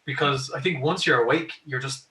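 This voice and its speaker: A man's voice: mid-range voice, brisk, pushed and bright. An Irish man hosting a podcast, telling stories in a chatty way and laughing often as he acts out quotes. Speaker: podcast host. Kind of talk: casual chat, telling stories. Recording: echoey room, mic at a distance.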